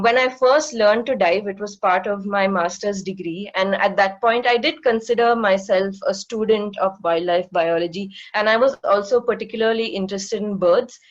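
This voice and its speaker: A woman's voice: medium pitch, normal speed, highs cut off. Woman giving an online science talk. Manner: explanatory, many fillers. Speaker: guest speaker, marine educator.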